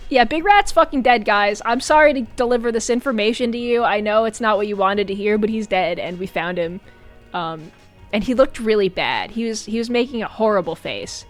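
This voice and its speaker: A young woman streaming from home, telling a story to her viewers in a casual, animated way, laughing often and breaking into high squeals. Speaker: VTuber streamer.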